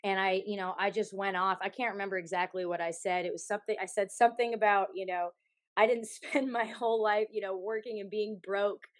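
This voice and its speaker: A young woman, a singer from Canada, telling a story candidly as a podcast guest, with a frank, animated manner, swearing freely and laughing often. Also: mid-range voice, a little fast, dry recording.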